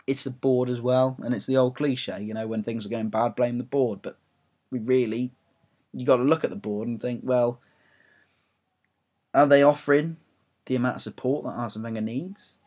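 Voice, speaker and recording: A man's voice: medium pitch, steady tone, moderate pace, darkish tone. A young English man ranting about football on his own audio blog, rambling, self-mocking and swearing freely. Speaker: football fan blogger.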